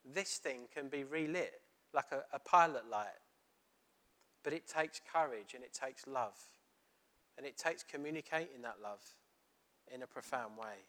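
Bright-voiced man preaching. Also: medium pitch, unhurried. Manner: storytelling, animated, retelling dialogue. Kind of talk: sermon with personal story.

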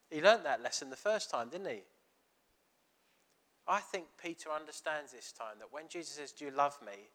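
Preacher guy, bright forceful voice a bit high, telling stories all animated. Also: normal speed. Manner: chatty, animated storytelling with quoted dialogue. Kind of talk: sermon.

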